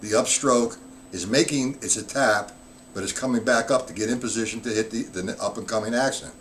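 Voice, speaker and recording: A man's voice: fairly low pitch, a little fast. A man teaching a live-streamed drum lesson, explaining strokes patiently and counting beats aloud. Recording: loud background noise.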